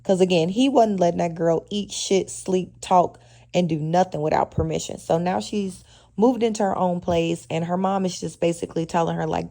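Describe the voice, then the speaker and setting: A woman's voice: lowish voice, steady tone, moderate pace, creaky, mellow. A woman, reviewing a reality show episode in a casual, sassy and opinionated chatty way, heavy on slang. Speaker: reality TV recap vlogger.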